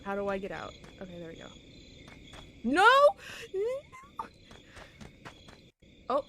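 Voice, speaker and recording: A woman streaming a video game live, reacting out loud, swearing, exclaiming and laughing as she plays. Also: medium pitch, steady tone, racing, vocal fry, background noise. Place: home streaming setup. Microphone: desk microphone. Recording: loud game music over voice. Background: loud game music.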